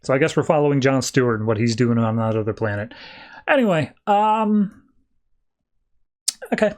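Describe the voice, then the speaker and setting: A man's voice: medium pitch, lively intonation, normal speed, darkish tone. A man hosting a podcast, casually recapping a comic issue in a loose, rambling way and paraphrasing scenes. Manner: loose, rambling summary full of 'he's like' paraphrase. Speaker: podcast host.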